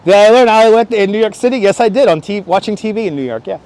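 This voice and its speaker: This high-sitting voice has a darkish tone and a fast pace. Through a wireless clip-on mic, he talks casually with his live-stream viewers as he walks through the city, joking and calling them by name.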